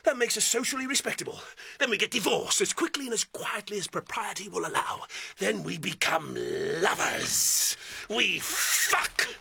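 A volatile, bitter army captain, mocking one moment and raging the next, played by a man. His bright, husky voice leaps wildly up and down. The sound is dry and close. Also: high voice, normal speed, no echo, exaggerated voice. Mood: sardonic. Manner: swings between mocking laughter, despair and shouting. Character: bitter, unhinged military father, jealous and raging. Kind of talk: stage drama acting.

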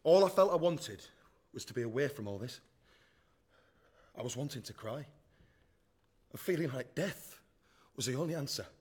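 A man's voice: mid-range voice, expressive, moderate pace, long pauses, a little mellow, slightly rough. An actor playing a young male hooligan who narrates, cocky, self-pitying and full of slang, in a radio drama. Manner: sneering slang-laced banter.

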